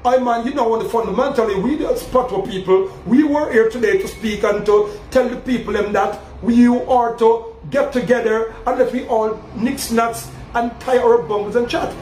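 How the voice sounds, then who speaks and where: A Jamaican man with a strikingly high voice holds forth in a preachy, rambling rant, calling out to his listeners again and again. His voice rings around a roomy, echoey space with a faint hiss underneath. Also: steady tone, moderate pace, few pauses, a little mellow. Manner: preachy, repetitive, calls out "people" often. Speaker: self-styled community leader addressing fans. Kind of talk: animated street-style rant.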